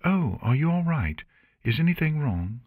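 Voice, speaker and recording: A man's voice: on the high side, very animated, moderate pace, narrow, tinny audio, voice pushed up. A man voicing a polite, gracious young pony mare hosting guests in a storybook reading. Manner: polite, warm.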